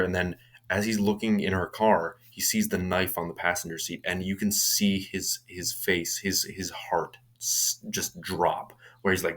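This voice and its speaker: A man's voice: low-pitched, little pitch movement, moderate pace, fairly bright tone. A young man casually retelling a horror movie's plot, rambling with frequent restarts and fillers. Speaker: movie reviewer.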